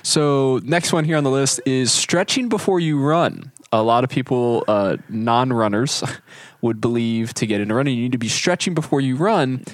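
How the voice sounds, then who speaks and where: A man with a middle-range voice co-hosts a casual podcast, speaking in a measured, cautious way and chuckling now and then. The recording is dry and close to the mic. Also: medium pitch, no echo. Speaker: podcast co-host. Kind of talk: casual chat.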